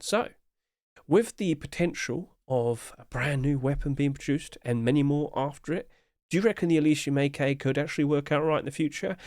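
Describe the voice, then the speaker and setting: A man's voice: a little high, dry recording, studio quality. Chatty man reviewing game skins. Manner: chatty, upbeat, light chuckles. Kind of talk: casual commentary.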